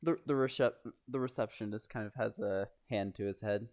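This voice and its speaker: A man narrating as game master of a tabletop game, hesitant and halting, with frequent restarts. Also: fairly low pitch, darkish tone.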